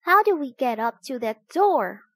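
A woman voicing a fearless, curious small boy in a storybook, eager with drawn-out questions. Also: high-pitched, very animated, no room sound, clean studio sound, full character voice.

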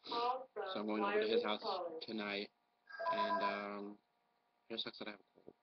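A man's voice: on the low side, sing-song, moderate pace, creaky, muffled recording, heavy background noise. A man with a cold, ranting bluntly and profanely in a casual, rambling vlog. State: has a cold. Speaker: vlogger.

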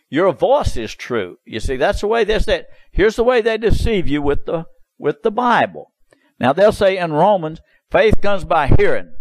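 Male preacher, somewhat high voice, insistent and repetitive delivery. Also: no room sound, rough recording. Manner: insistent, repetitive, drawling "you see" asides. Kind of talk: sermon.

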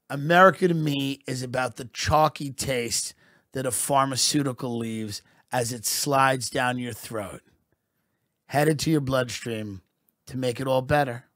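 A man hosting a podcast, delivering a deadpan mock-patriotic comedy monologue. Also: medium pitch, measured pace, dry recording, clean studio sound. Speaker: podcast host.

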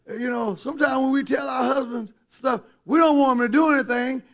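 A man's voice: very high voice, brisk, few pauses, fairly bright tone. A man preaching a sermon in a church, emphatic and talking directly to the congregation.

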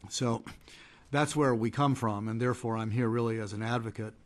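This man, a trade policy advocate, delivers conference panel remarks with a hesitant, measured style marked by frequent fillers and restarts. He speaks at medium pitch with fairly even intonation.

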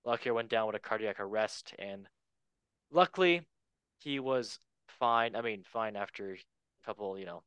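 A man's voice: lowish voice, a bit bright, clean tone, no room sound, low-quality recording. Chatty male podcast host, dry sound. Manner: chatty, loose, many fillers and asides. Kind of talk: casual chat.

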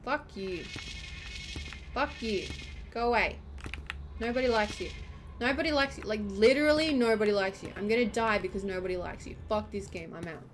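A woman's voice: mid-range voice, normal speed, long pauses, music in the background. A woman streaming gameplay, ranting and swearing at the game as she plays. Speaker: gamer streamer. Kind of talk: gameplay commentary.

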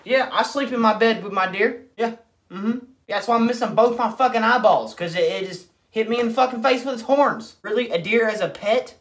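A man's voice: very high voice, a little fast, a bit bright. A man ranting in a brash, sarcastic and profane comedic style. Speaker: comedy commentator. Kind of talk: comedic rant.

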